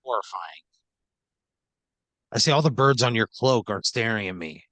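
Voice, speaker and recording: A man on a comedy podcast, answering in exasperated, deadpan lines during improvised banter. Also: lowish voice, normal speed, pauses often, dry recording. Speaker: podcast co-host.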